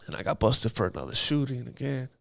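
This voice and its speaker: A man's voice: medium pitch, fast, vocal fry, a bit bright, dry recording. A man telling his life story in an interview, in casual street slang, often asking "you know what I mean". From Los Angeles area. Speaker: guest.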